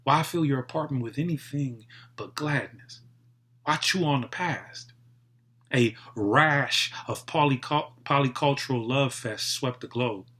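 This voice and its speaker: Man reading a poem, deliberate. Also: medium pitch, a bit bright. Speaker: poetry reader. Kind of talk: poetry reading.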